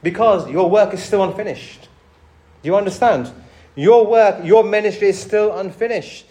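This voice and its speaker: A man preaching a passionate sermon to his church, swinging between loud exhortation and low, intimate asides. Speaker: pastor.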